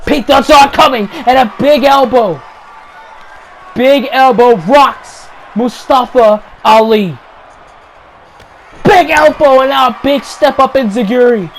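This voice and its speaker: A man with a very high-pitched voice calls wrestling action play-by-play over a video game. He gets loud and excitable on the big moves and repeats each call for emphasis. A faint arena crowd and light noise sit in the background. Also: slow pace, rough recording. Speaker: YouTube gaming channel host.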